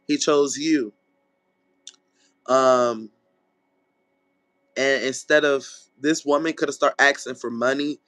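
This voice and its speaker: This tarot reader speaks in a mid-range voice with no echo in the recording. His casual reading is blunt and full of swearing, and he animatedly voices people's lines in quick impressions, often asking "okay?".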